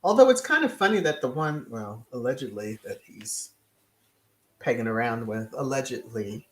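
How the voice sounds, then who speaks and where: A woman's voice: extremely low pitch, lively intonation, moderate pace. A woman hosting casual live-stream commentary, answering chat in a sassy manner with chuckles and many hums and mm-hmms. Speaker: host of a royal commentary channel.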